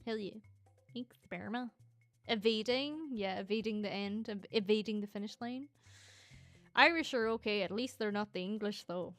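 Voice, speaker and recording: A Scottish woman streamer chatting casually and reading viewer comments, excitable and teasing, swearing freely. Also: medium pitch, moderate pace, dry recording, soft background music.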